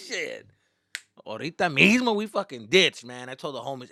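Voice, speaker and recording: A young man doing stand-up, telling a story in animated, profane bursts with Spanish slang mixed in. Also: mid-range voice, normal speed, creaky, dry recording, studio quality. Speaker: stand-up comedian. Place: comedy stage.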